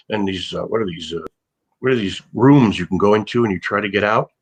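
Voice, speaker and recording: A man's voice: lowish voice, brisk, breathy edge, rough recording. An older man, an actor, telling rambling, anecdotal stories in a casual interview, with many restarts.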